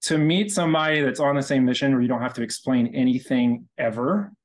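A man's voice: mid-range voice, fairly quick. A man guesting on a podcast, telling his story in a casual, rambling way full of "like". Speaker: podcast guest, breathwork practitioner.

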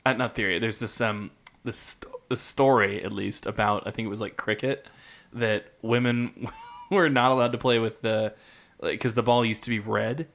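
A man's voice: on the low side, steady tone, moderate pace, gravelly, fairly bright tone. A man co-hosting a podcast who talks in casual, rambling bursts, correcting himself as he goes and joking. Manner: rambling, self-correcting, playful. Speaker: podcast co-host. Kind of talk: casual chat.

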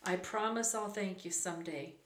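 A woman's voice: mid-range voice, normal speed, slight background noise, close to an everyday voice. A woman reading aloud voices a friendly adult male cowboy who herds horses, speaking in an easygoing drawl with cowboy slang. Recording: roomy echo.

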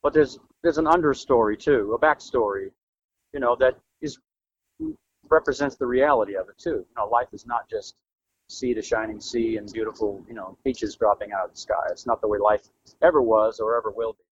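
A man's voice: fairly low pitch, fairly quick, slightly rough, lo-fi sound. A man from Florida, a singer-songwriter guest, telling a story earnestly in a casual interview. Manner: earnest storyteller, lively emphasis.

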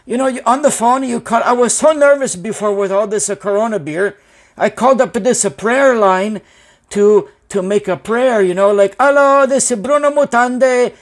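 A man's voice: very high-pitched, normal speed. A man voicing an anxious, rambling male business owner who speaks broken English and swears a lot.

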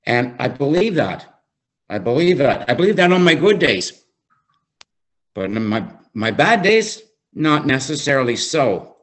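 A man speaks in an unhurried, deliberate way, leaning on repeated phrases as he reads and reflects on scripture. His voice sits at an ordinary middle pitch, and he leads a small faith-based recovery group. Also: very animated, a bit bright. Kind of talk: devotional teaching.

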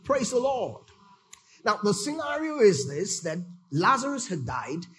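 A man's voice: high-pitched, sing-song, measured pace, fairly bright tone. A male pastor preaching a sermon emphatically, often exclaiming praise and checking that listeners follow.

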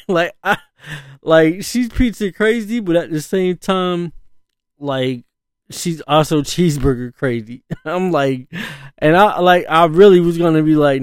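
A dad tells a loose, laughing story in a fairly high, smooth voice. His slang and asides keep it casual. The sound is dry and close. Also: measured pace, no echo. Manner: loose slangy talk, full of "you know" asides and laughs. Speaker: parent.

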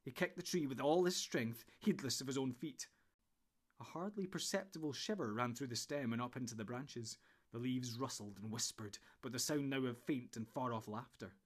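A man reading a storybook in steady, measured narration. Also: medium pitch. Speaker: audiobook narrator.

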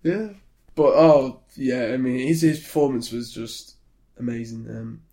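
A British man chats loosely about films as a podcast co-host. His voice sits at an ordinary middle pitch. He rambles, stumbles over his words and starts sentences over. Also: measured pace, dark tone. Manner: chatty, rambling, frequent restarts and ums. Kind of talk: casual film chat.

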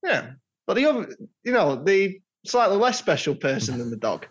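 A man's voice: high-pitched, big pitch swings, normal speed, breathy edge. A man co-hosting a casual podcast with dry, mock-formal humour. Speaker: podcast co-host. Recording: dull lo-fi sound.

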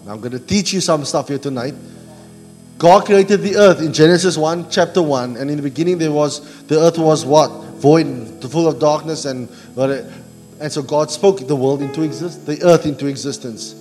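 Pastor preaching in a church hall. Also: male voice, fairly high pitch, normal speed, darkish tone. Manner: call-and-response preaching, asks the congregation to finish verses. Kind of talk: sermon. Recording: church hall reverb with music.

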